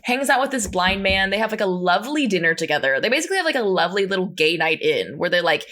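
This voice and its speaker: A young woman co-hosting a podcast in casual chat, playful and quick to put on silly voices for quotes. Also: medium pitch, big pitch swings, a bit bright. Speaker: podcast co-host.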